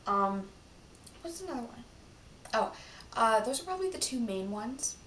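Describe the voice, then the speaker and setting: A woman's voice: on the high side, very animated, moderate pace, a bit bright, slight background noise. Teen girl vlogger, casual rambling chat full of fillers; roomy sound from a mic set back. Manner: rambling, filler-heavy and chatty. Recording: roomy, from a distance.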